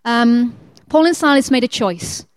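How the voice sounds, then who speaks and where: A woman preaching a sermon, lively and conversational, who acts out the prayers of the people she talks about. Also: fairly high pitch, unhurried, no room sound. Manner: lively, acts out quoted prayers in changing voices.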